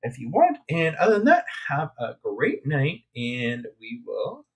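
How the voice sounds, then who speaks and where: A man's voice: medium pitch, wildly swooping pitch, measured pace, creaky, husky. Chatty man hosting a craft stream. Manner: rambling and chatty, with many fillers and asides. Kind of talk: casual live-stream chat.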